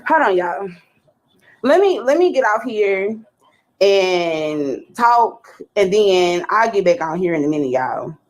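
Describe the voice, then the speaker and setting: A woman's voice: medium pitch, big pitch swings, slow, dull audio. A woman on a livestream, agitated and questioning. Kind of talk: livestream talk.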